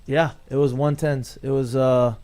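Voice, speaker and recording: A man who played baseball, recalling conditioning drills in a halting, easygoing way during casual podcast chat. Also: mid-range voice, flat delivery, darkish tone, clear, resonant tone, soft background music.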